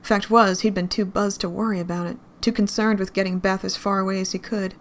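A woman narrating fan fiction aloud in a grim, measured reading. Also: medium pitch, little pitch movement.

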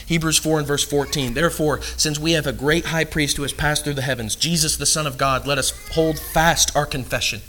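A man preaching a sermon in earnest, swinging between loud emphasis and hushed asides. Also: on the high side, steady tone, a little fast, few pauses, a little hiss or hum, low-quality recording.

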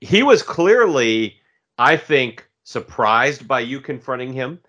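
Bright, lively-voiced man hosting. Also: mid-range voice, takes it slowly, highs cut off. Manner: chatty, agrees and laughs along. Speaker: podcast host. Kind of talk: casual chat.

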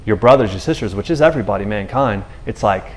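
A man preaching in a loose, conversational podcast style, telling scripture stories in an animated way with slang and frequent restarts. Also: lowish voice, fast talker.

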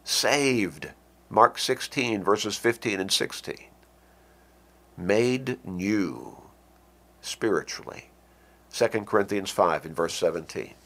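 A middle-aged man preaching an earnest radio sermon, with slow, deliberate stresses on key words. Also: on the low side, fairly bright tone.

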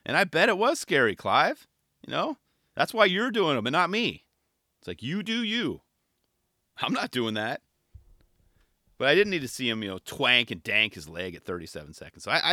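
A man in casual commentary, talking in relaxed skater slang with constant "right?" tags. His voice is bright and forceful and jumps all over in pitch. The recording is close and dry. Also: no echo. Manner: laid-back skater slang, animated; keeps asking "right?" and "you know". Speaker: skate video reviewer.

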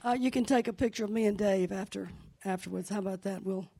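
A woman's voice: mid-range voice, fairly even intonation, quick pace, vocal fry, warm tone, a little hiss or hum. A woman leading a church service, talking in a chatty, anecdotal way about her family's news and rising into fervent prayer in a sanctuary. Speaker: church leader. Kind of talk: conversational sermon with testimony.

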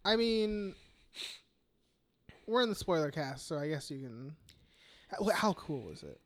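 A man co-hosting a podcast, chatting bluntly, swearing freely and firing off quick questions. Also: a little high, sing-song. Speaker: podcast co-host. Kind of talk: casual chat.

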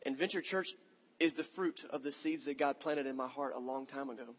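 A man's voice: medium pitch, fairly quick, husky. A man in his thirties preaching a sermon, telling a story about himself in a conversational, self-mocking way. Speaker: pastor. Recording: long hall reverb.

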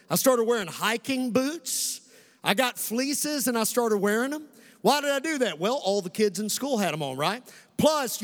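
A very high-pitched man with a Kentucky accent preaches to his congregation, stretching key phrases and calling out for responses. His voice carries a long reverb, like it is filling a large church hall. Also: fairly bright tone. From Western Kentucky. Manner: preacher's cadence, slowing for emphasis, calling on the congregation. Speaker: pastor. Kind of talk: sermon.

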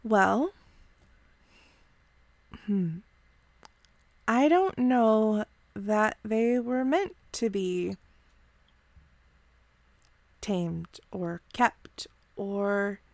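A woman voicing Shael, a calm, curious female figure who speaks softly and wonders aloud. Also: a little high, takes it slowly, long pauses, no room sound. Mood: gentle.

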